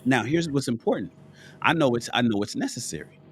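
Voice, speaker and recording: A man's voice: medium pitch, lively intonation, fairly quick, slight background noise. Sick, blunt man talking from bed. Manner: profane, blunt, talks over himself with many restarts. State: sick with a cough, lying down. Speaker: panelist on a live call-in show. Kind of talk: casual rambling chat. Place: at home in bed.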